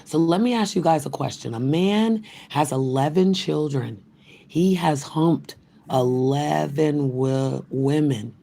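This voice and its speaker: Casting: older woman streamer, raspy, gravelly, swears a lot and rambles. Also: sits low, slow, dark tone. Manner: profane, trash-talking, loose and rambling. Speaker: livestream host. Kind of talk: ranting live stream chat.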